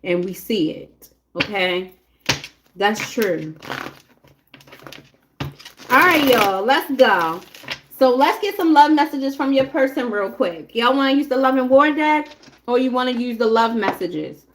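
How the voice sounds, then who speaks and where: A woman's voice: fairly high pitch, animated, measured pace, pauses often, background noise. A woman giving a casual live tarot reading, talking bluntly and chattily straight to her viewers. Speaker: tarot reader.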